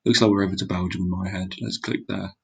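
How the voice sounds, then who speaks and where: A young man who makes gaming videos mutters through a geography guessing game in casual commentary, exclaiming and mocking his own mistakes. His voice is low-pitched, steady, and husky with vocal fry, he talks quickly, and the audio is poor.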